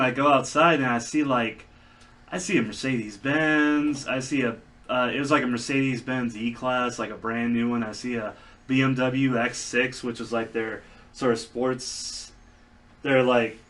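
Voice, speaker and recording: Bright rambling South Dakota trucker man. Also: medium pitch, far from the mic. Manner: rambling anecdotes with fillers and restarts. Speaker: podcast co-host, truck driver. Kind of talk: casual chat.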